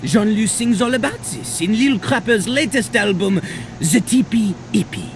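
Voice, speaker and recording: A man's voice: high voice, lively intonation, normal speed, a little hiss or hum. An actor playing a boastful male French rapper who lives as a toilet, rhyming and bragging in a French accent. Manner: boastful, raps and beatboxes in rhyme.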